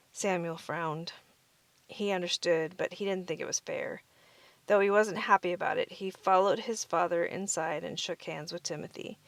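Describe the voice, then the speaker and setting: A woman reading a children's picture book aloud in a clear, expressive way. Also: lowish voice, normal speed, dry recording. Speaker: storybook reader.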